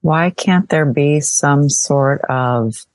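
Woman interviewer, low pitch, supportive, close dry sound. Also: extremely slow, a little mellow, no room sound. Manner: supportive, frequent short affirmations.

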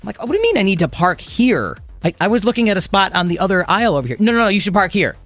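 A middle-aged man, hosting a casual radio chat and telling a story with animated back-and-forth voices. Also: high-pitched, racing, faint music behind. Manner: animated storytelling, acting out both sides of an argument. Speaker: radio host.

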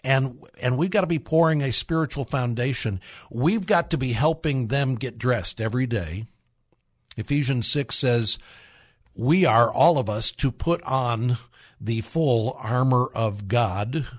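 On a radio talk show, a middle-aged host with a mid-range voice and measured pace earnestly appeals to parents. He repeats himself and breaks into acted quotes.

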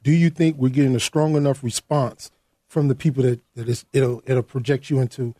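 A man's voice: mid-range voice, fairly even intonation, brisk, warm tone, dry recording, studio quality. A man hosting a radio talk show, asking earnest questions with some restarts. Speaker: radio host.

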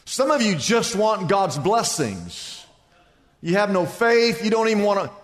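A man preaching a sermon as pastor, building lists to shouted peaks. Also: high voice, big pitch swings, unhurried. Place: large church sanctuary. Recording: church hall reverb.

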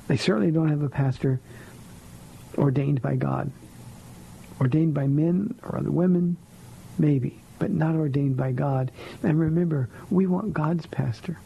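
A man's voice: on the high side, gravelly, warm tone, slight background noise, poor audio. A man hosting a radio call-in show as a pastor, answering listener questions about faith in a firm, blunt, plainspoken way from a studio.

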